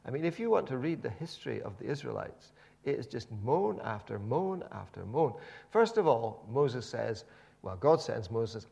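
Gravelly guy preaching a sermon, lively storytelling, keeps repeating himself. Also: mid-range voice, normal speed. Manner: animated storytelling, frequent repeated words and restarts.

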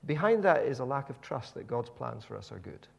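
A man's voice: mid-range voice, big pitch swings, brisk, gravelly, breathy edge, lo-fi sound. A man preaching a sermon, telling the story animatedly with many repeated words and restarts.

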